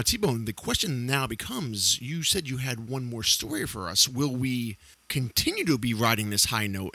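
Male podcast host, husky and animated, playful, dry close sound. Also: medium pitch, no room sound. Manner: upbeat, playful, laughs easily. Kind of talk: casual interview.

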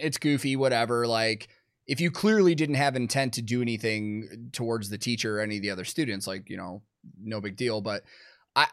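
A man hosting a podcast, asking questions and reacting in a relaxed, casual interview tone. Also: mid-range voice, no echo, studio quality. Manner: laid-back, laughs easily, short prompts. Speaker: podcast host.

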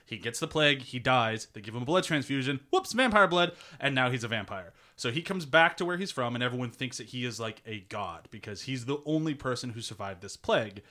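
A man casually pitching a film to others, laid-back, laughing often, swearing and full of "like" fillers. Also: expressive, brisk, few pauses, pushed and bright. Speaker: panelist pitching a movie. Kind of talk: casual spoken movie pitch.

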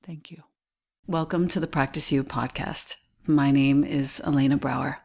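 A woman hosting a podcast, speaking in a soft, unhurried way through her ad read and her introduction. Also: rumbling low, steady tone, creaky. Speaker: podcast host.

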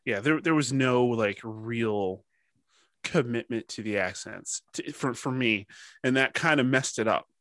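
A man hosting a casual chat. He is animated, laughs often and swears freely. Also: mid-range voice, a little slow, no echo. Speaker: podcast host.

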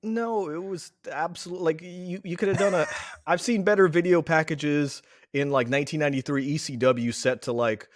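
A man's voice: a little high, moderate pace, dry recording, studio quality. A man, a returning podcast guest and a father, ranting sarcastically in casual chat. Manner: sarcastic, animated rants.

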